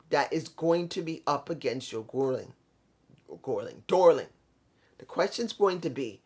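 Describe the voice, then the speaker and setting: A wrestling show reviewer talking alone in a casual rant, frustrated, rambling, repeating rhetorical questions, now and then swearing and correcting slips. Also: medium pitch.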